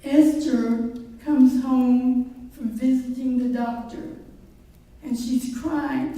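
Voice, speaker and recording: A woman tells jokes to a room with deadpan setups. Her voice is high and very mellow and her delivery slow, and the sound is distant and boomy, as if caught by a camera across a large reverberant hall. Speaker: joke teller. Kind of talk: telling jokes to a crowd. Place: reception hall. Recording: echoey hall, far from the mic.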